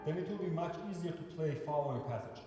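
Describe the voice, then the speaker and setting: A man with a fairly high voice coaches a piano student, patient and full of short repeated prompts. He is heard from a distance in a roomy, echoing hall. Loud piano rings out around his words. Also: fast. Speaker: piano teacher. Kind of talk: remote piano masterclass coaching. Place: room with a piano. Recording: echoey hall, mic far off, loud piano. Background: piano playing.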